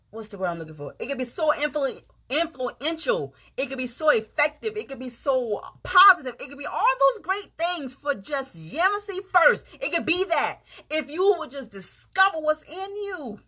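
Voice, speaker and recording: A woman's voice: sits high, pushed and bright. A woman with a Gullah Geechee accent from South Carolina, giving a heartfelt, folksy pep talk straight to her viewers. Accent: Gullah Geechee, South Carolina Lowcountry. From South Carolina, USA. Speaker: vlogger, motivational speaker. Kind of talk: casual encouraging monologue.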